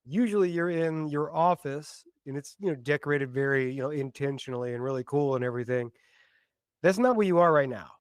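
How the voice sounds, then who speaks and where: A man's voice: on the high side, brisk, clean tone, no room sound. A man co-hosting a casual podcast, teasing and joking with his co-host.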